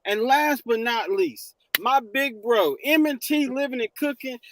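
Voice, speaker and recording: A man hosting a livestream, chatting loudly and laughing, hyping up his guests. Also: very high voice, a little slow, background noise. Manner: loud, laughing, hyped. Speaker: livestream host. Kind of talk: casual chat.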